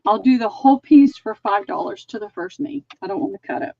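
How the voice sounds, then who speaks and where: A woman's voice: medium pitch, animated, fairly quick, vocal fry, no room sound, lo-fi sound. A woman hosting a live online sale, chatting as she measures and describes items. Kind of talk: live-streamed sale pitch.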